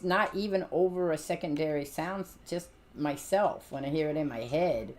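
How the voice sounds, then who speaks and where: A woman's voice: low voice, moderate pace. A middle-aged woman streaming a game, chatting casually in a rambling way, full of fillers and restarts. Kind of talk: casual chat while gaming.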